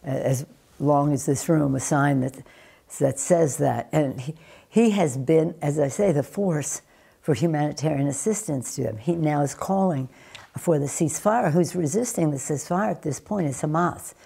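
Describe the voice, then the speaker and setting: Older woman, news interview, husky, dark mellow tone, emphatic, restarts sentences. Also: low-pitched. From United States. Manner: deliberate, emphatic, with frequent restarts and fillers. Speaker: interviewee, former politician.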